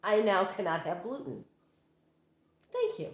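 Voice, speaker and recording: A woman recording herself on a handheld phone, talking slowly through personal memories. She wanders from thought to thought, filling gaps with ums and restarting sentences. The room around her is bare and echoey. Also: medium pitch, huge pitch swings. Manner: meandering, full of fillers and self-corrections. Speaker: psychic medium vlogger. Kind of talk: rambling personal storytelling. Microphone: holding her phone.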